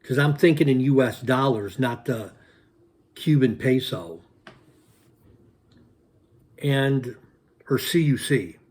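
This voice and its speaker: A man hosting his own channel, telling a personal story to his viewers in an animated, repetitive way with punchy sound words. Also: medium pitch, slow, long pauses. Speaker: channel host.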